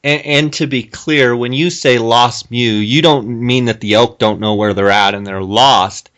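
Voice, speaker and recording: Bright-voiced male podcast host. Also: mid-range voice, measured pace. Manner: relaxed, conversational, recaps for listeners. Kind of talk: casual interview chat.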